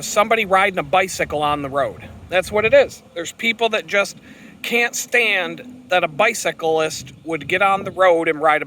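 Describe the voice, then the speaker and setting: A man venting as he rides his bike outdoors, cursing freely and circling back on his own points. His voice is forceful and bright, sitting a touch high for a man. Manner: profane, ranting. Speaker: vlogger. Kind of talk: rambling vlog while riding. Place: outdoors on a bicycle on the road.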